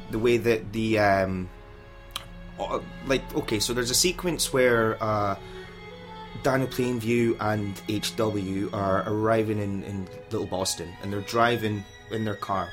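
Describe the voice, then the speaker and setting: Lowish male panelist, musing and thoughtful, faint music underneath. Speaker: podcast panelist. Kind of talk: casual film discussion.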